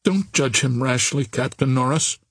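A man reading an audiobook voices an emotional young heiress in a high, raised voice. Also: normal speed, vocal fry, slightly rough. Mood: earnest. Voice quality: raised falsetto-like voice. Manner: earnest and emotional. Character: young woman, a wealthy heiress, tender. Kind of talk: audiobook character voice.

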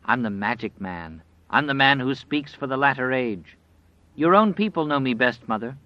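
A man's voice: mid-range voice, expressive, moderate pace, no echo, close to an everyday voice. A man voicing a menacing, boastful demonic wolf that taunts an old woman in an audiobook. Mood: taunting. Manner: taunting, gloating. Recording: dry, slightly dull recording.

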